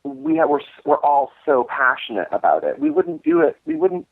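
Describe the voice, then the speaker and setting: A man's voice: on the high side, wildly swooping pitch, moderate pace, creaky, dry recording. A man, co-host of a cult film screening series, telling a long story in a casual interview, rambling with many restarts and fillers. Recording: tinny phone-like line.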